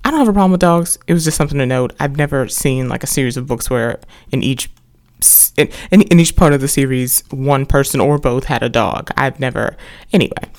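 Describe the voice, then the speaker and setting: A woman's voice: extremely low pitch, expressive, fairly quick, a little mellow. A woman hosting a podcast and reviewing a book series in a casual, rambling way, with many restarts and wry asides. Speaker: podcast host reviewing books.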